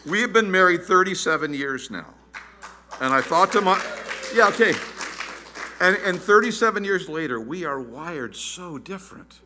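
A man in his fifties preaching a sermon as pastor, animated and joking, acting out quotes in a shrill voice. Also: normal speed, a crowd in the background, noisy background.

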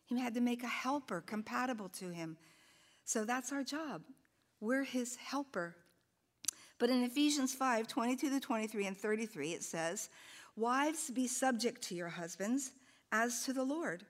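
An older woman in her sixties gives a sermon to a group of women. She talks in a lively, chatty way, laughs at her own stories, and her voice sits a little high. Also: moderate pace. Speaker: women's ministry speaker.

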